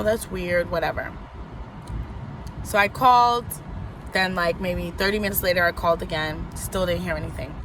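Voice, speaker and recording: A woman's voice: lowish voice, background noise. A young woman from New York vlogging a personal story in a casual, rambling way, full of likes and you knows.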